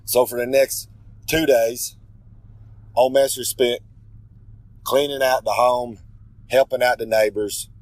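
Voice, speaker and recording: In a dry, rough recording, a male pro wrestler delivers his regular segment at a medium pitch in a level tone, speaking slowly with long pauses. The promo is rambling and swaggering, full of self-corrections, and he talks about himself in the third person.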